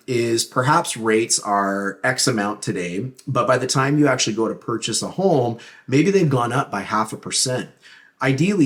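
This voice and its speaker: A man with a Canadian accent speaks at a middle pitch in a steady, earnest presenting voice. He explains things patiently and leans hard on the words that matter. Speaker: real estate agent. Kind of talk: presenting a buyer's guide to camera.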